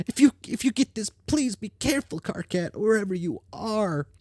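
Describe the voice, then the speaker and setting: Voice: mid-range voice, lively intonation, moderate pace, a little mellow, no echo, clean studio sound, voice pushed up, close to an everyday voice. A reader doing a blunt teenage troll girl. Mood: worried. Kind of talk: reading comic dialogue aloud.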